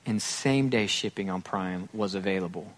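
A man's voice: low-pitched, moderate pace. A man preaching a casual, humorous sermon to a congregation, acting out little quoted scenes as he goes. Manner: casual, joking, acts out quotes. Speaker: pastor. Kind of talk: conversational sermon.

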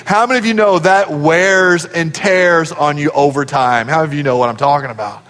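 Male pastor, high voice, storytelling sermon that climbs to emphatic peaks, long sanctuary reverb. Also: a little fast, hardly any pauses, a bit bright.

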